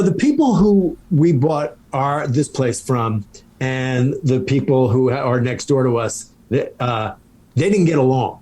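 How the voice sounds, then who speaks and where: A man's voice: mid-range voice, mellow. A man appearing as a comedian guest on a podcast, telling rambling anecdotes in casual chat.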